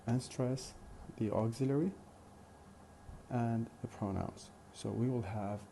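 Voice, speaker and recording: A man teaching a phonetics lesson in a slow, deliberate way, repeating example questions. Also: mid-range voice, vocal fry, dark tone, slight background noise. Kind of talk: recorded lecture.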